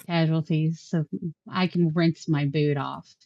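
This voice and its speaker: A woman playing at a tabletop game, talking quickly with stumbles and frequent laughter. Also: deep voice, fairly even intonation, mellow, dry recording. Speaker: player. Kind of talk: casual tabletop play. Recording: dull dry lo-fi mic.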